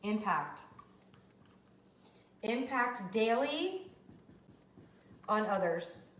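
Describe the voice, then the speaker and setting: A woman's voice: mid-range voice, animated, very slow, fairly bright tone. A woman podcast host and business coach giving a motivational talk, emphatic and fired up, cursing casually as she urges listeners on. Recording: roomy, echoey room.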